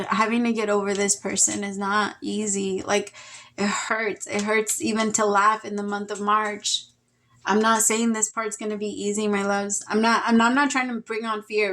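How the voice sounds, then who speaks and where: A woman talks through a tarot reading in a loose, heartfelt way. She rambles and restarts, sighing now and then as she speaks. Her voice sits at an ordinary middle pitch. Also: a bit bright. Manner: emotional, rambling, with sighs and laughs. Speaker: tarot reader. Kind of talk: casual spoken tarot reading.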